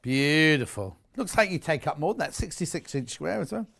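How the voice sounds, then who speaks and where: Man, shopping channel presenter, chatty, enthusiastic, self-mocking, fairly high-pitched. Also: expressive, normal speed, creaky, fairly bright tone. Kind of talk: live home shopping presentation.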